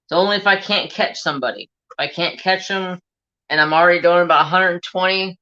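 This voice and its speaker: Bright-voiced man telling a rambling story. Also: high voice, fairly quick, muffled recording. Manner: animated, profane, rambling anecdote. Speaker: craft livestream host. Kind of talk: casual live-stream storytelling.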